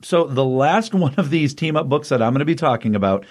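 Man, mid-pitched, comic podcast co-host, animated plot recap. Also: fairly quick. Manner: animated storyteller, quoting characters loosely without voices. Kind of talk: casual chat, retelling a comic plot.

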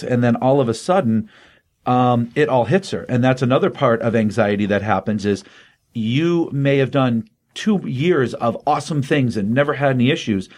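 Older male reviewer, casual and earnest, mid-pitched, rambling delivery. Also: darkish tone. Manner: earnest, rambling with fillers, emotionally open. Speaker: comic book reviewer. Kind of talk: casual comic book review.

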